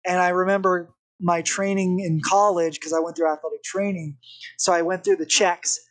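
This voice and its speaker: A young man, a podcast guest, telling a story in a casual, animated way. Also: sits high, normal speed. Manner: animated, vivid retelling with acted-out quotes.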